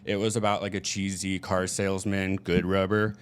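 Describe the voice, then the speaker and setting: Midwestern man, low voice, candid talkative podcast guest. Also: flat delivery, moderate pace, clear, resonant tone. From Michigan. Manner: candid, chatty storytelling. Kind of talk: casual chat.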